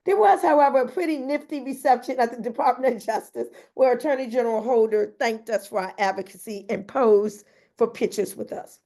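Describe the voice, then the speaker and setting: A woman reads from her own memoir with earnest emotion, stopping now and then to add spontaneous personal remarks. Her voice is fairly high and dark in tone, and she speaks a little fast.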